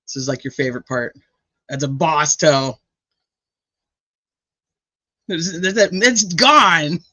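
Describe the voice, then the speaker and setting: A woman's voice: low-pitched, measured pace, pushed and bright, no echo. A woman hosting a casual true crime livestream, joking, teasing and swearing as she reads viewer comments, laughing often.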